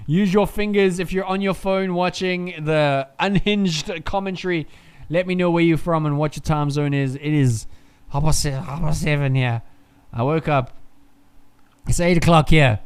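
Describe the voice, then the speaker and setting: A young man streaming casual, rambling live race commentary. He swears freely, talks excitably and sounds groggy from too little sleep. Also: fairly high pitch, moderate pace, clean tone.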